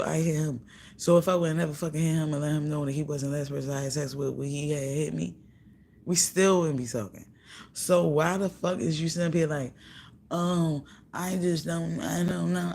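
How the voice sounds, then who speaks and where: Woman, casual rant, gravelly voice, giggly, profane, retells dialogue. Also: low voice, darkish tone, a little hiss or hum. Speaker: vlogger.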